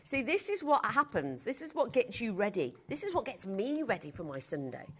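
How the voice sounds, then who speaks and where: A woman's voice: a little high, sing-song, moderate pace, slightly rough. Gushing woman shopping host. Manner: gushing, chatty sales patter with frequent asides. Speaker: shopping channel presenter. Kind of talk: live TV sales presentation. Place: TV studio.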